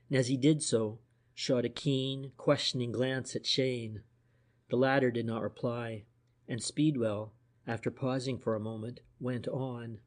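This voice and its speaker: A man's voice: mid-range voice, steady tone, a little slow. Man narrating a mystery audiobook. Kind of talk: scripted narration.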